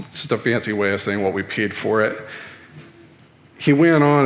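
A man delivers a sermon-style talk in a measured, dryly self-deprecating way. His voice sits at a middling pitch and rings out through a large, echoey church hall with a long reverb tail. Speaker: lay speaker at church.

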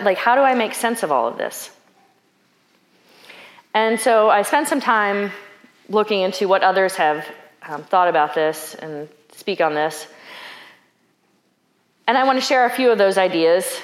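A woman's voice: mid-range voice, lively intonation, measured pace, pauses often, echoey room. A woman preaching a sermon in a reflective, conversational way, thinking aloud and asking questions.

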